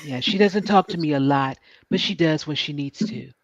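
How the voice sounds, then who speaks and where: A man's voice: on the high side, normal speed, no room sound, close to an everyday voice. A man doing a comedic impression of an evasive, boastful former president who rambles and dodges questions. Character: boastful evasive male ex-president, middle-aged. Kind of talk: comedic political impression on a livestream. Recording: dry, dull lo-fi stream audio.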